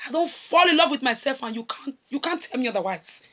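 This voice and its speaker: A woman's voice: high voice, animated, fast talker, pushed and bright. A middle-aged woman with a Nigerian accent, preaching a sermon and switching between Pidgin and English as she acts out scripture.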